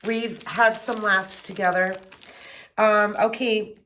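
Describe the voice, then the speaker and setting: A middle-aged woman chatting casually and gushing with excitement as she unboxes gifts for her vlog. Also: medium pitch, measured pace, a little hiss or hum. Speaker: home fragrance vlogger.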